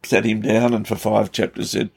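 A man with a low voice full of gravel and a husky, rough edge speaks as a pastor. He teaches scripture in relaxed conversation and builds emphatic intensity as he tells the story. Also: moderate pace.

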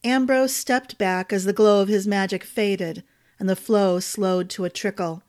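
A woman's voice: medium pitch, fairly even intonation, measured pace, darkish tone. A woman hosting a storytelling podcast and narrating a fantasy novel chapter.

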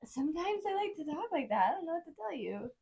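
A young woman co-hosting a podcast, chatting casually with deadpan, self-mocking humor. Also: very high-pitched, fast talker, gravelly. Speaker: podcast co-host. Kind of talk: casual chat.

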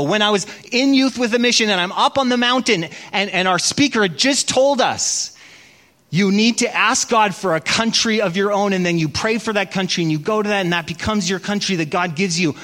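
This middle-aged pastor has a high-pitched, sharp-toned voice. He preaches a sermon built on storytelling, acting out his own prayers with self-mocking humour.

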